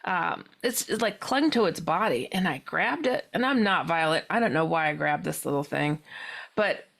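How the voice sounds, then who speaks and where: This podcast guest, a woman who writes paranormal books, speaks at normal speed with vocal fry. She tells a personal story animatedly, laughing often, and re-enacts her own past words with sudden pitch jumps.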